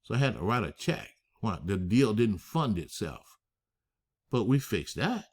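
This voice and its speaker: A man teaching a masterclass on structuring deals, emphatic, asking rhetorical questions and slowing down to stress key phrases. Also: on the low side, sing-song, breathy edge. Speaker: real estate finance instructor.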